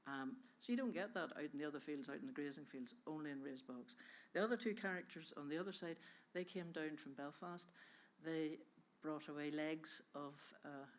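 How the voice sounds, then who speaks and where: In a conference hall, an Irish woman gives an enthusiastic, chatty presentation on a bog conservation project, frequently interrupting herself. She has a low voice and talks at normal speed with hardly any pauses.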